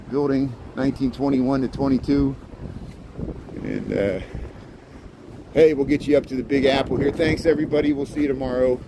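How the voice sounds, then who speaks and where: A man hosting a casual livestream while walking a city street at night, chatting loosely and thanking viewers by name with easy laughs. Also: a little high. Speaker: livestream host. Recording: wind noise on the mic outdoors.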